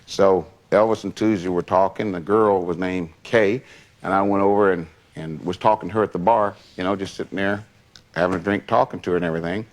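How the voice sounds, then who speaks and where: A man's voice: deep voice, steady tone, fairly quick. Older man telling a long anecdote. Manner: rambling anecdotes with many asides. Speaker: longtime associate recounting memories. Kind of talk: casual storytelling.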